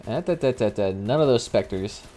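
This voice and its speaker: Young man, game streamer, casual live commentary, swears a lot, excitable reactions. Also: fairly low pitch, a little fast.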